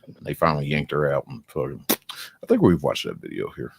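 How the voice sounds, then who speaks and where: A man hosting a stream, reacting to a video with profane, animated rants. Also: rumbling low, fairly quick, gravelly, background noise. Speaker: stream host. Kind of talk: casual reaction commentary.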